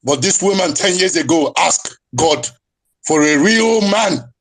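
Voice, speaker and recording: A man giving an impassioned speech in an online audio room, fiery and rising to shouts, mocking his critics in put-on voices. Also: on the high side, expressive, a little slow. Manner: mocks others in quoted voices.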